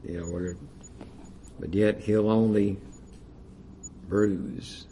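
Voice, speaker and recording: A man's voice: fairly low pitch, steady tone, drawn-out words, dark tone, a little hiss or hum. A man preaching a sermon, reading King James scripture aloud with rising emphasis and using frequent "you know" fillers.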